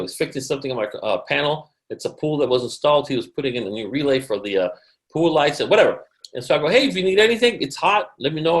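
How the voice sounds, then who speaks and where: A man's voice: medium pitch, low-quality recording. A man presenting to his team on a video call, acting out conversations with clients. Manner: fast, animated, acts out conversations. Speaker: mortgage loan officer presenting to a team. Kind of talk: online team meeting presentation.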